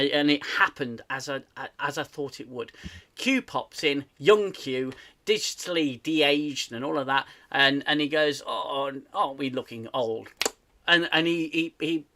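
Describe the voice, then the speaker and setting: A man from the UK hosts a casual live stream chat, his voice bright and a little higher than most. He rants with animated energy, tripping over restarts as he goes. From United Kingdom. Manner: animated, ranting, many restarts. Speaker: host.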